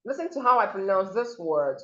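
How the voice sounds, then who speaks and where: A woman's voice: mid-range voice, sing-song, brisk, fairly bright tone, lo-fi sound. A woman teaching a pronunciation seminar, saying example words over and over to model the stress. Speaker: diction teacher.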